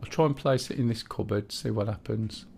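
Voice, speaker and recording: A man's voice: lowish voice, a little fast, creaky, darkish tone, slight background noise. A man streaming a game, chatting casually and talking a teammate through the controls, thinking aloud with fillers as he goes. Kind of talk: casual gameplay chat.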